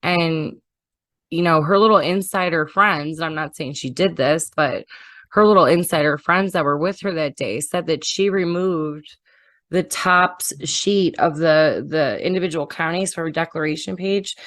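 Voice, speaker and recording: A woman's voice: sits low, moderate pace, fairly bright tone, no echo. A woman chatting casually on a podcast, bluntly and indignantly retelling a confrontation, with swearing.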